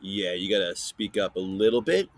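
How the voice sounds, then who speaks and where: A man hosting a casual science podcast for kids, playfully interviewing a silent guest and filling pauses with chatter. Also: low-pitched, animated. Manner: chatty with many fillers. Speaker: podcast host.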